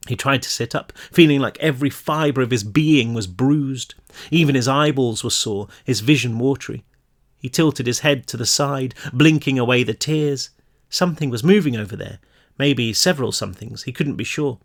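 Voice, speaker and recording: A man, the author, reading his own novel aloud in a home-recorded read-through, emotional and rising in pitch at tense moments. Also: moderate pace. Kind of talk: audiobook-style reading.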